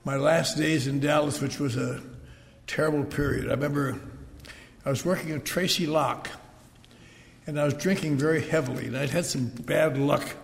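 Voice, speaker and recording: A man's voice: fairly high pitch, vocal fry. An older man speaking at a recovery meeting, telling wry, rambling stories with asides to the crowd. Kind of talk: personal storytelling talk. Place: large meeting hall. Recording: echoey hall recording with faint noise.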